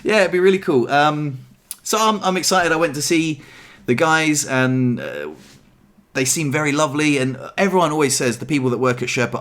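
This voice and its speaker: A man's voice: on the high side, expressive, fairly quick, a bit bright. A young man chatting casually in a self-deprecating, upbeat vlog about his life at home. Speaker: vlogger. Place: apartment.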